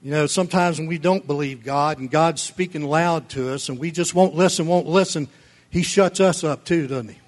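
A man preaching a sermon as pastor, fervent and emphatic, rising to near-shouting, with folksy asides and chuckles. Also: on the high side, normal speed.

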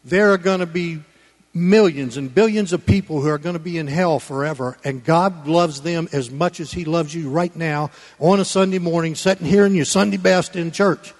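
A man preaching a Sunday sermon in church, folksy and conversational, swinging between loud emphatic lines and quiet low asides. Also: moderate pace, long reverb tail. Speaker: pastor.

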